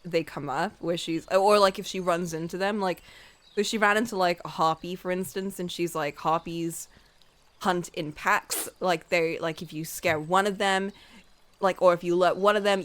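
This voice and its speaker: A young woman streamer casually retelling a book she loves, animated, full of fillers and acted-out quotes. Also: on the low side, moderate pace. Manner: animated storyteller, lots of "like", acts out dialogue in quotes. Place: home room while drawing on stream.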